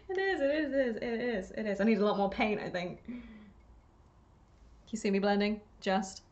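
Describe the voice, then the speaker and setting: A woman's voice: mid-range voice, steady tone, normal speed, long pauses, a little mellow, highs cut off. A woman chatting on a live stream while she paints, rambling and talking to herself, self-deprecating and laughing often.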